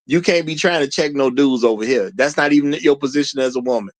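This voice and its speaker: A man's voice: mid-range voice, quick pace. A man hosting a livestream, talking bluntly and lecturing his chat in casual commentary. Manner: blunt, preachy, talks straight to the chat. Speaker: livestream host.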